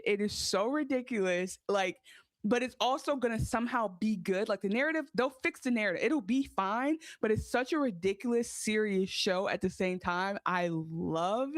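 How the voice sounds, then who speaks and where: A woman gives a lively, casual recap of a TV episode, acting out her own reactions along the way. Her pitch jumps around a lot. The sound is dry and close. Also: dry recording. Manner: animated, swearing, acts out her own reactions. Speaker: podcast co-host.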